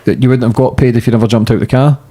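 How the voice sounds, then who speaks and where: Interviewer, man, mid pitch, terse questions and short affirmations. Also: fairly even intonation, very fast, mellow. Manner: short backchannels, brief questions.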